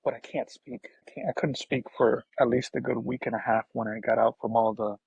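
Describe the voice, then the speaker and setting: A man speaks with a gravelly, husky voice pitched a little high. He tells an emotional personal story as a podcast guest, soft-spoken and halting, often starting his sentences over. The sound is dry and dull, as on a muffled remote recording. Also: level tone, dry recording.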